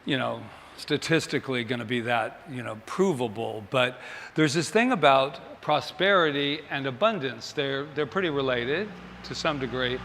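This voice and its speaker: A man giving a Sunday sermon, his bright, fairly high voice carrying through a reverberant hall. He keeps it conversational and jokes with the congregation. He often asks them questions. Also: a little hiss or hum. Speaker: minister.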